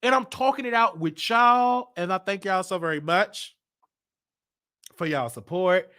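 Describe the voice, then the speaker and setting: Speaking at a measured pace, a man who hosts a show talks confessionally about his own life on a livestream, repeating things while working through them. His voice sits high, with a sharp yet clean tone.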